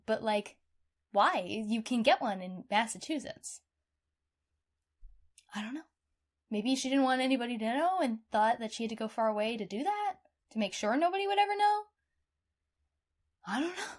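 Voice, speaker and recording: A woman co-hosting a true-crime podcast in casual chat, animated and outspoken, swearing freely. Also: a little high, moderate pace, pauses often. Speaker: podcast co-host.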